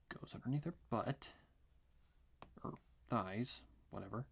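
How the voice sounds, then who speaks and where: A man's voice: fairly low pitch, moderate pace. A man thinking aloud as he draws on a live art stream, muttering to himself, often dropping to a whisper, with dry sarcastic asides. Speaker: artist streaming a drawing session. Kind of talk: thinking aloud while drawing.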